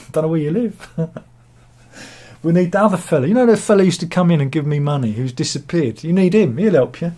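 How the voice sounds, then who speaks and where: Husky, rambling British man. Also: a little high, brisk, mellow. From Britain. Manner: rambling, joking, self-deprecating. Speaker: vlogger reading viewer comments. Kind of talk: casual chat. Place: cold room at home.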